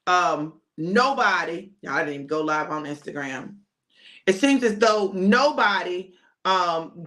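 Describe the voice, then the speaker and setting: A woman preacher delivering a sermon, retelling a story with acted-out voices, dropping to hushed whispers and rising to pleading cries. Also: mid-range voice. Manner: dramatic storytelling, acts out the scenes.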